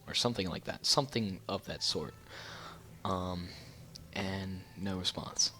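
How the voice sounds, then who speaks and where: A man's voice: low voice, measured pace, bright, forceful tone, slight background noise. A man telling a personal story in a casual storytime vlog, rambling with many fillers and restarts. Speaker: YouTuber.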